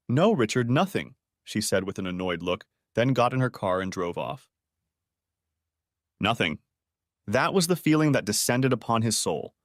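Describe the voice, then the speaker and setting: A man narrates a long story in an even, measured audiobook manner. His voice sits at an ordinary middle pitch. It is recorded close and dry, with no room sound around it. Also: no room sound.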